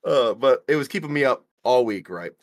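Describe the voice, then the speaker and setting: A man's voice: mid-range voice, animated, fairly quick, dry recording, clean studio sound. A young man co-hosting a casual podcast, laughing a lot and asking prodding questions. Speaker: podcast co-host. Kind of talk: crude casual podcast banter.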